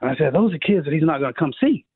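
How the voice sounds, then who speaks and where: Animated fifty-year-old man on tinny radio. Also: racing, husky. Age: 50s. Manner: animated storyteller, jumps higher for quoted voices. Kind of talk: casual storytelling chat. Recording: tinny phone-like radio sound.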